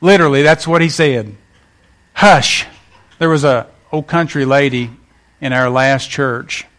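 A man's voice: medium pitch, moderate pace. A man preaching a sermon, telling folksy stories and acting out quotes. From West Virginia. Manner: folksy storytelling, animated acted quotes. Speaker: pastor.

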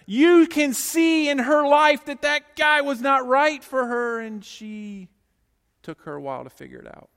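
A middle-aged man delivers a sermon from a church sanctuary, and his voice sits high for a man. He tells stories with lively humor and speaks straight to the congregation. The sound rings with the long reverb of a large hall. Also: a little slow, gravelly. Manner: lively, joking storyteller who talks straight to the congregation. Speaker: pastor.

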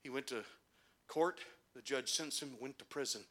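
A male pastor preaching a sermon, telling stories quietly and then rising to shouted, fervent climaxes. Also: mid-range voice, moderate pace. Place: church sanctuary.

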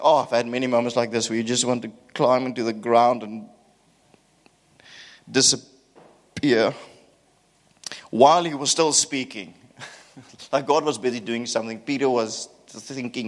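A man preaching a sermon, telling the story in an animated way with self-mocking humor. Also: mid-range voice, normal speed.

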